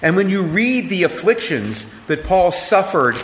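A middle-aged pastor preaches to a class in a lively, conversational way, his pitch rising and falling freely as he asks questions of the room. His voice sits a little high for a man. It rings with the long echo of a hall. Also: unhurried. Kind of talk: interactive sermon teaching. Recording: echoey hall, faint ambience.

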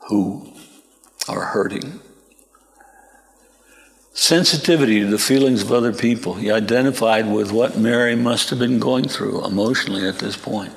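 A man preaching a sermon slowly and deliberately, lifting his voice sharply when he quotes others. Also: mid-range voice, gravelly. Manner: slow, deliberate delivery that rises sharply when quoting. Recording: long reverberant hall.

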